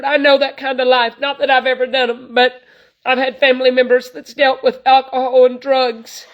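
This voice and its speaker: A woman's voice: sits high, flat delivery, moderate pace, poor audio. A woman, preaching informally to online viewers in an earnest, folksy way, full of "you know". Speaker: traveling evangelist.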